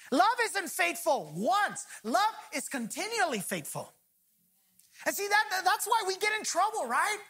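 A woman pastor preaching a sermon. She speaks emphatically, slows down to stress key phrases, and prompts the congregation to finish her lines. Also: high-pitched, pushed and bright.

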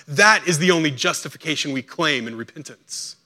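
A man preaches a sermon with a bright, fairly high voice. He acts out the quotes in his text and swings from hushed, slow lines to loud, urgent ones. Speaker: pastor.

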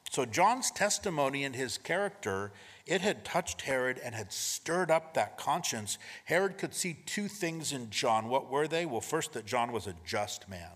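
A man preaches a sermon in a mid-pitched, faintly husky voice, speaking conversationally and tossing in rhetorical questions. He swings between emphatic points and hushed asides. His voice rings out in a hall with a long reverb tail. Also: animated, unhurried. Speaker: pastor.

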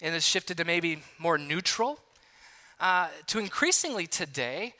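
A middle-aged male pastor gives a conversational sermon in a church hall. His voice sits high and rings very bright. He tells stories, jokes with the room and throws questions to the congregation. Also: animated, a little slow.

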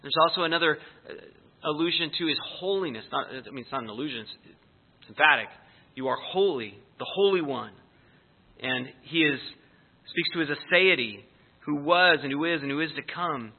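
A man's voice: a little high, animated, normal speed. A man giving an earnest, explanatory verse-by-verse sermon as a Bible teacher. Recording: tinny phone-like sound.

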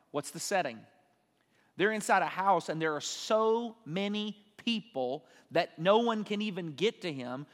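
A preacher with a fairly bright, somewhat high male voice delivers a sermon, reading scripture aloud and explaining it by posing questions to his listeners. A long reverb tail trails his words.

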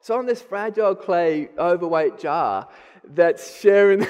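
A man's voice: high voice, normal speed, darkish tone. A middle-aged man with an Australian accent giving a candid, self-deprecating sermon testimony. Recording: long hall reverb.

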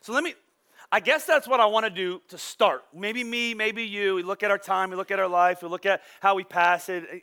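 Lively, bright-voiced pastor preaching. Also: male voice, high voice, fairly quick, clear, resonant tone. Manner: animated, conversational preaching with playful asides. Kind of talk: sermon.

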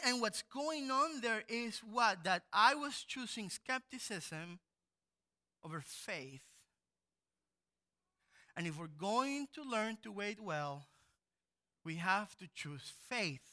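A man, a pastor, preaching a sermon as animated storytelling, often jumping into loud acted quotes. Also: sits high, slow pace, long pauses.

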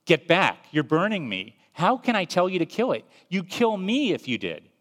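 A man's voice: sing-song, normal speed, a bit bright. A man voicing a fussy, nervous male ghost who pleads and makes excuses. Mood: flustered pleading. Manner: nervous, apologetic, higher-pitched. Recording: long reverb.

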